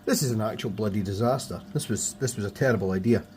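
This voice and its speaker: A man with a hoarse, fading voice, muttering to himself and joking at his own expense as he builds toy models. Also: lowish voice, fast talker, darkish tone, a little hiss or hum. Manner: muttering to himself, self-deprecating. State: hoarse, voice going. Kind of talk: casual build commentary.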